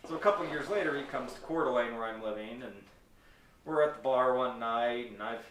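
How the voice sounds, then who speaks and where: A podcast host telling profane stories in casual chat with friends. He is animated and laughs often. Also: medium pitch, brisk, crowd noise. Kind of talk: casual storytelling among friends. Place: patio with friends. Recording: roomy sound, distant mic.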